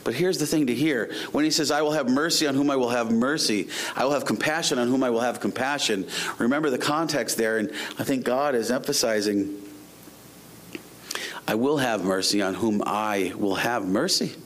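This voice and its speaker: Middle-aged guy preaching, reads verses slow then gets worked up and emphatic, mid pitch. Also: a bit bright. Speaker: pastor. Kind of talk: sermon.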